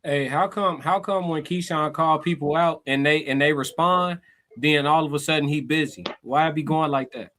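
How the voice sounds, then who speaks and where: A man's voice: on the high side, normal speed, sharp tone. A man hosting a live stream, speaking in a laid-back, slangy way as he reads comments and teases callers. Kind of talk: casual chat.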